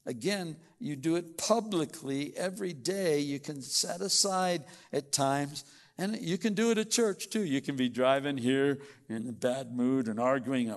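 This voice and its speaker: A man preaching a sermon in church, folksy, acting out little everyday scenes in quick voices. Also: on the high side. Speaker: pastor.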